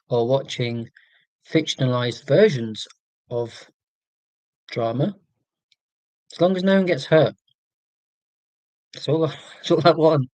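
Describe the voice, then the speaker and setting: A Scottish man talks casually on his own live stream from home, wandering from thought to thought and poking fun at himself. His voice sits at an ordinary middle pitch. The sound is close and dry, with no room echo. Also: darkish tone. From Scotland. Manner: rambling, self-deprecating, reads out viewer comments.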